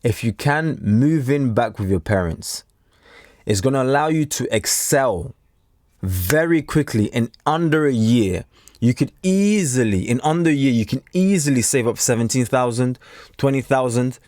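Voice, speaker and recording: A man's voice: mid-range voice, animated, normal speed, darkish tone, no echo, studio quality. A man from Africa giving a blunt, preachy motivational talk straight to camera, acting out the voices he quotes. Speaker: self-improvement coach.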